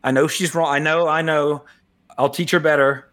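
A podcast host in his forties chatting loosely. His voice sits a touch higher than most men's. He rambles, restarts his sentences and chuckles often as he goes. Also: fairly even intonation, moderate pace, fairly bright tone. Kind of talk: casual podcast chat.

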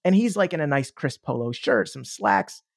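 A man who is a motivational speaker, telling a story as a podcast guest in an animated, enthusiastic way, acting out the dialogue. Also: sits high, normal speed, vocal fry, no echo, studio quality. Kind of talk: casual storytelling.

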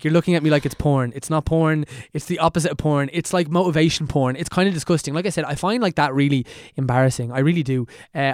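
A young Irish man in his twenties chatting as a podcast guest, quick and self-deprecating with lots of fillers. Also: a little high, dry recording, clean studio sound. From Ireland. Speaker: podcast guest answering questions. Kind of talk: casual podcast chat.

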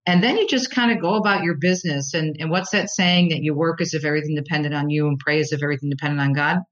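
An American woman, a Catholic talk show host, telling her story as a guest in a conversational interview, animated and restarting her sentences often. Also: sits low, fast talker, highs cut off. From United States. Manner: animated storyteller, repeats words when starting sentences.

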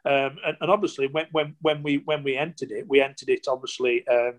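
A man in his sixties, a former footballer, telling stories casually in an interview, animated and rambling with lots of "you know" and restarts. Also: medium pitch, a little fast. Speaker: former professional footballer, guest.

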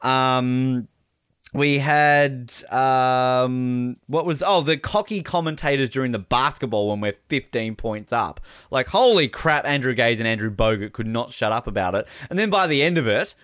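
A man's voice: medium pitch, moderate pace, clean tone, no echo. Brief: Australian male podcast co-host, casual and rambling, close dry sound. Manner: rambling, animated, laughing. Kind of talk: casual chat recapping sports.

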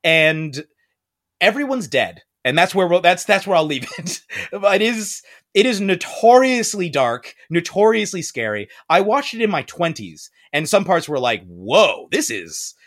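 A man hosting a podcast, telling a story in a casual chat and acting out the quoted lines in high voices. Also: sing-song, moderate pace, fairly bright tone. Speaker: podcast host.

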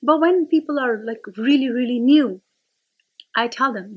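A woman speaks in a fairly high voice as an interview guest. She tells her points through animated little stories, restarting phrases as she goes. Her delivery is chatty and conversational. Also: moderate pace, slightly rough, dull audio. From India. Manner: storytelling, animated, with frequent restarts. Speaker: guest, career workshop leader.

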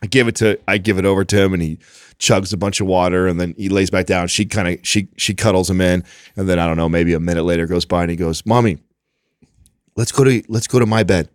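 A man's voice: low voice, little pitch movement, fast, clean tone, no echo, clean studio sound. A man in his thirties in casual chat, telling a story and laughing often.

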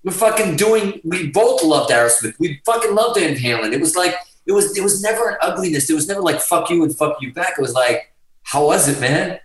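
A man telling stories in casual podcast chat, profane and animated as he talks. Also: a little high, a little fast, echoey room, poor audio. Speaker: guest guitarist.

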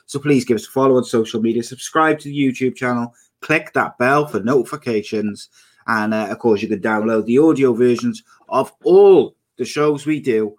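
A man hosting a podcast, running through a quick intro and then reading out viewer comments in casual chat. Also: medium pitch. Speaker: podcast host.

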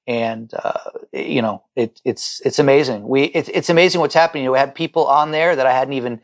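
A man's voice: medium pitch, a little fast. A middle-aged chef talking as a podcast guest over a remote call, heartfelt and stumbling over repeated words when he gets moved. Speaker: chef and restaurant owner, guest. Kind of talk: emotional podcast conversation.

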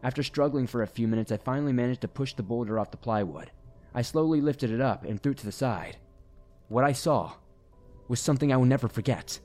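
A man reading a first-person horror story aloud in a steady, grave storytelling manner. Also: mid-range voice, brisk. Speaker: narrator. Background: faint music.

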